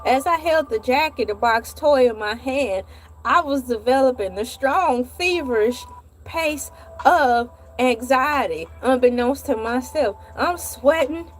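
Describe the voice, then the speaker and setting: A woman's voice: sits high, unhurried, slight background noise. Playful woman hosting a comedy vlog. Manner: animated, playful, dramatic asides. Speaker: vlog host. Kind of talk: comedic storytelling monologue.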